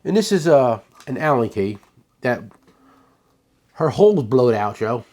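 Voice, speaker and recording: A man's voice: medium pitch, big pitch swings, measured pace, background noise. A man who owns a tool shop, giving a casual, rambling sales demo of his products and often restarting his sentences. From United States.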